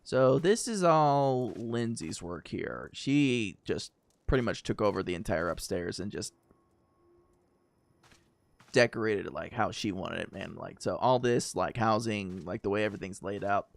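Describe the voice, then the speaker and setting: Male streamer, casual rambling chat with viewers, lively up-and-down voice, dry close mic. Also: on the low side, a little slow, creaky, no echo. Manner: chatty, rambling, talks to chat with fillers and laughs.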